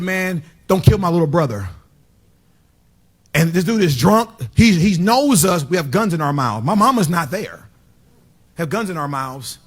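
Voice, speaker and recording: A middle-aged male pastor preaching in church, swinging between loud shouted praise and low, hushed storytelling. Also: slightly rough. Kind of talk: sermon. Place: church sanctuary.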